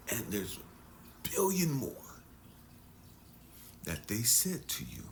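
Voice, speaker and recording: A man speaking as a life coach in an intense motivational talk, dropping to hushed near-whispers and then surging for emphasis. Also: mid-range voice, huge pitch swings, very slow, creaky, pauses often, a little hiss or hum.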